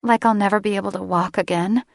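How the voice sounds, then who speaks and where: A woman's voice: medium pitch, fairly even intonation, quick pace, vocal fry, no room sound, clean studio sound, natural voice. A woman narrator voicing a distressed young siren woman who pleads and trembles with emotion in an audiobook. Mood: upset, pleading. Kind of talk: audiobook character reading.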